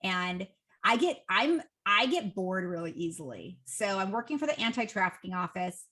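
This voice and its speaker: Bright-voiced woman telling stories animatedly. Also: moderate pace. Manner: lively, acts out quoted dialogue with raised pitch. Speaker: podcast guest. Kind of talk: casual interview storytelling.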